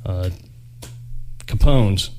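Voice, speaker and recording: A man A laid-back podcast guest whose voice sits a little low, wandering through his stories in casual chat. Faint background noise sits under the talk. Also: extremely slow. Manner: easygoing, rambling storyteller.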